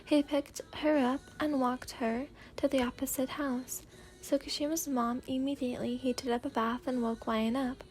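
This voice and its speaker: A woman narrating a fanfic story in a soft, gentle ASMR reading. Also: high voice, little pitch movement, normal speed.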